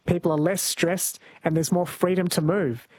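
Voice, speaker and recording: Higher-voiced male radio host, husky. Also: little pitch movement, moderate pace, darkish tone. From Australia. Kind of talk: talk radio hosting.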